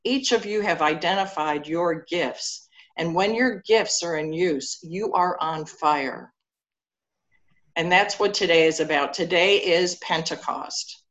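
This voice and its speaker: A woman's voice: on the low side, slow, fairly bright tone. A woman priest giving a sermon in church, telling personal stories in a conversational way.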